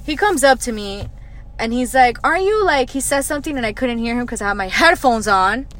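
Young woman host, fairly high voice, blunt and foul-mouthed, exasperated, casual solo rant with quick bursts and low muttered asides. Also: fairly bright tone. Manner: blunt, profane, exasperated storytelling. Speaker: podcast host.

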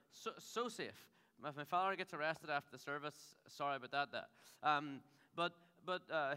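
Male pastor in his thirties, jokey rambling sermon, crisp bright voice, theatre hall reverb. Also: a little high. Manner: humorous, rambling storyteller.

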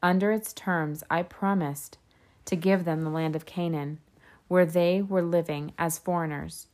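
A woman reading scripture aloud in a steady, measured way. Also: on the low side. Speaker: scripture reader.

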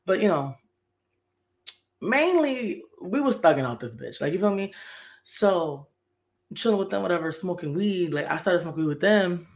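A woman's voice: lowish voice, expressive, moderate pace, long pauses. A woman in her thirties hosting a podcast, telling a personal story in a candid, profane, slang-heavy way with lots of fillers. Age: 30s. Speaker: podcast host.

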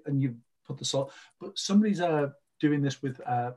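Giving a laid-back psychic reading on his podcast, this card reader chats and rambles, filling his talk with fillers. He has a mid-range, slightly mellow voice, animated in delivery and normal in speed.

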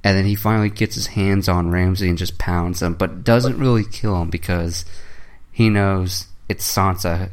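A man's voice: deep voice, fairly even intonation, normal speed. A young man chatting casually, telling a story with lots of swearing and animation. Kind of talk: casual chat.

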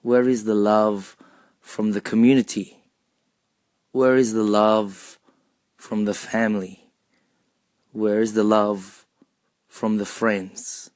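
A man giving a personal monologue, asking repeated rhetorical questions in a measured, deliberate way. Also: fairly low pitch, little pitch movement, a little mellow, no echo.

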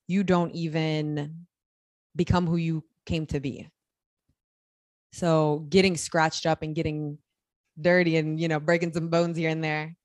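A young woman chats casually as a podcast co-host, her voice sitting on the low side. She tells stories in a loose, chatty way and laughs easily. The sound is dry and close. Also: no room sound. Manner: chatty storyteller, laughs while telling stories. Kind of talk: casual chat.

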